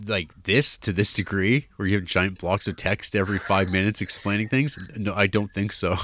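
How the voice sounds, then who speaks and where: A man's voice: fairly low pitch, fairly even intonation, moderate pace, fairly bright tone, no room sound. A man co-hosting a podcast, talking through a film in a rambling casual way with many fillers and restarts. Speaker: podcast co-host.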